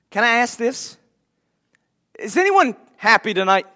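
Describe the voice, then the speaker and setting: High-voiced male preacher. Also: very animated, unhurried, sharp tone. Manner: conversational preaching with light laughs. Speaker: pastor. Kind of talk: sermon. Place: church.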